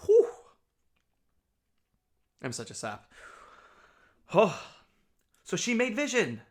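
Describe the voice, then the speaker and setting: A man's voice: sits high, wildly swooping pitch, slow. A man hosting a reaction video, gushing and emotional, with lots of exclamations and "like.". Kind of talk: excited reaction commentary.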